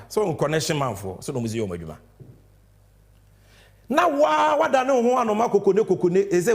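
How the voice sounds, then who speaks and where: Young Ghanaian male commentator, high and lively voice, emphatic and combative on-air delivery. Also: brisk, gravelly, pauses often. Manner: animated, emphatic, switching between English and Twi. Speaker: political commentator. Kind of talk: fiery political commentary.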